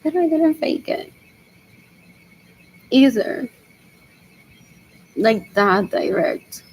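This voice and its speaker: A woman's voice: fairly high pitch, expressive, drawn-out words, darkish tone, breathy edge, poor audio. A young woman rambling in a solo monologue, repeating herself and muttering as if to herself.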